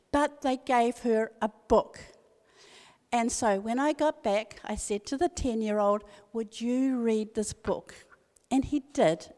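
A woman's voice: on the high side, a little mellow. An older woman giving an earnest devotional talk at a church meeting, telling a family story and repeating key phrases for emphasis. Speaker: speaker at a women's church meeting. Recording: long reverb of a hall.

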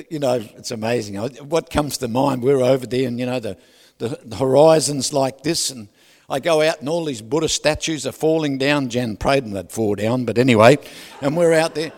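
A man preaching a sermon, loud and animated, who keeps asking the crowd for agreement and drops joking asides with laughs. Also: medium pitch, normal speed. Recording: long hall reverb.

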